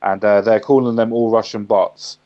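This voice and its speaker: A man's voice: lowish voice, fairly even intonation, normal speed, highs cut off. A British man co-hosting a livestream, chatting casually and teasing with lots of laughter. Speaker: livestream co-host. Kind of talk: casual chat.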